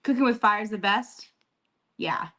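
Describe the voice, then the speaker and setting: A woman's voice: medium pitch, normal speed, pushed and bright. Woman streaming casually from her kitchen. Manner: coaxing baby talk to her dog, reading chat aloud. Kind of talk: casual live-stream chat while cooking. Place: home kitchen.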